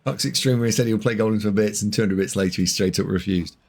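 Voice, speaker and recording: A man's voice: on the low side, fast talker, vocal fry, darkish tone. A man streaming a board game live, bantering and teasing with his chat in casual commentary.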